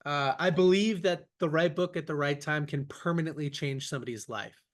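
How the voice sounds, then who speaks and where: Speaking a little fast in a fairly high voice, a young man tells stories with upbeat enthusiasm while hosting a casual podcast interview by video call.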